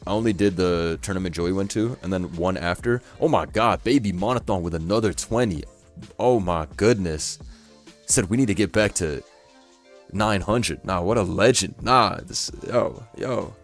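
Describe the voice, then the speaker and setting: A young man streaming casually, talking in loose slang and laughing often. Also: sits low. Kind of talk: casual live-stream chat.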